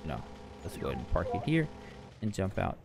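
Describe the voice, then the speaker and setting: A man's voice: sits low, huge pitch swings, brisk, gravelly, music in the background. A tired man giving rambling, chatty commentary over his own gameplay, often correcting himself as he goes. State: tired, yawning. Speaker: gaming channel host.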